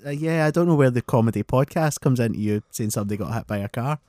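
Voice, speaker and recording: A man's voice: mid-range voice, quick pace, darkish tone, no echo, studio quality. A man co-hosting a casual podcast over drinks, needling the others sarcastically. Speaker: podcast co-host. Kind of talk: casual drunk banter.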